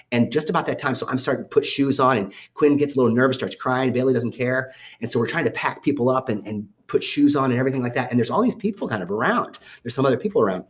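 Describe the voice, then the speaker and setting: A man recounting a personal adventure in an easy, conversational way. His voice sits at an ordinary middle pitch. He rambles a little, corrects himself, and slips into the voices of the people in his story. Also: animated, fast talker, few pauses. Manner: rambling with self-corrections and restarts. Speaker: father telling a family story.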